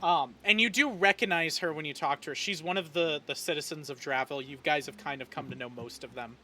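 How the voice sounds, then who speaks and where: A man game-mastering a tabletop campaign, talking casually and loosely. His voice sits high and bright. Faint ambience hums behind him. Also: fast, slight background noise. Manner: casual, rambling with fillers.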